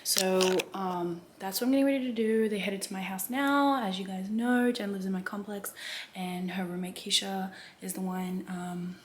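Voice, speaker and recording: A woman in her twenties chatting casually to camera for her vlog, rambling with lots of fillers and sometimes dropping her voice low. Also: fairly even intonation, normal speed. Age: 20s. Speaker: vlogger. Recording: noisy background.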